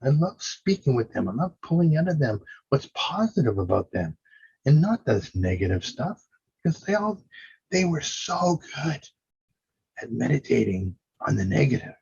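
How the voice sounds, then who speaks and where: A man's voice: medium pitch, sing-song, normal speed, gravelly, darkish tone, breathy edge, dull audio. A man hosting a self-help podcast, talking earnestly and casually, now and then acting out his own doubting inner voice. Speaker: podcast host and coach.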